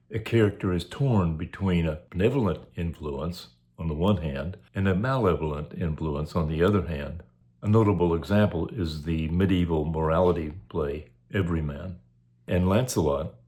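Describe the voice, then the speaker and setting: A man giving a recorded lecture as a course instructor, in a measured, academic way. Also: deep voice, a little mellow.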